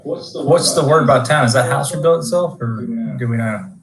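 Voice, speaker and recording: Man player over loud crowd noise. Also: mid-range voice, moderate pace, poor audio. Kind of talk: casual tabletop chat.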